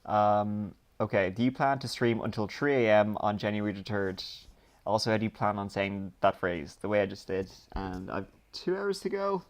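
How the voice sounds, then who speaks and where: A man from Dublin with a lowish, lively voice reads out questions from viewers during a live stream at a moderate pace. He answers casually, rambling off on asides and saying um a lot.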